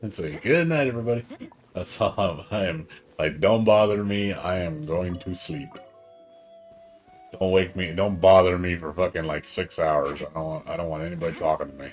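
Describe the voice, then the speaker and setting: A man chatting casually on a live game stream, rambling and excitable, swearing often and tired from staying up all night. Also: sits low, moderate pace, faint music behind.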